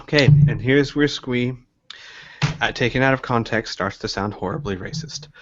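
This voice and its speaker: A man's voice: mid-range voice, moderate pace, highs cut off. A man narrating a tabletop game as game master, hesitant and rambling with many restarts.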